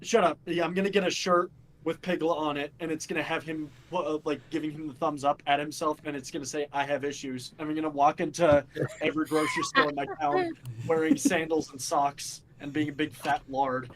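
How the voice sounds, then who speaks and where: A man in casual chat with friends, joking and excitable. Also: a little high, a little fast, slight background noise, poor audio.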